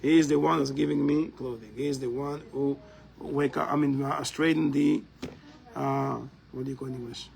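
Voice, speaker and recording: A man's voice: medium pitch, fairly even intonation, moderate pace, creaky, a little mellow, poor audio. A man teaching a live class in a community center, explaining step by step and often checking in with "right?".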